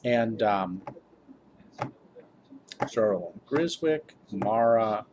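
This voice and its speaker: A man's voice: medium pitch, very animated, slow, pauses often, noisy background. A tired man, a game master, giving casual tips to camera in a rambling, upbeat way. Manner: rambling, self-interrupting, upbeat.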